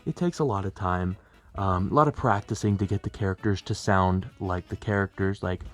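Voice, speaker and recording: A man's voice: sits low, normal speed. A young man in a chatty, rambling, self-deprecating tutorial vlog, talking at home as a plush video creator. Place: bedroom at home.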